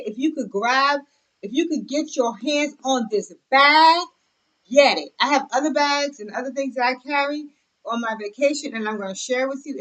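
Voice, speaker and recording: A woman's voice: fairly high pitch, fairly bright tone, rough recording. A young adult woman talking casually on camera, chatty and effusive, with lots of fillers and asides as she shows off a bag. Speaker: vlogger. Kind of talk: casual show-and-tell chat.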